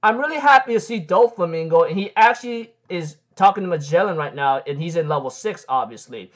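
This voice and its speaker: A man with a fairly high voice recaps a manga chapter in a casual, meandering way. He keeps stumbling into "like, um" and tosses in "freaking" for emphasis. The recording is dull and lo-fi. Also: animated, fairly quick. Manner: rambling, heavy on "like, um" fillers and "freaking".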